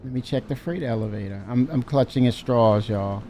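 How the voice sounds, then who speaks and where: A man's voice: medium pitch, moderate pace, mellow. A man streaming a game live, muttering to himself in casual commentary, laughing and mock raging.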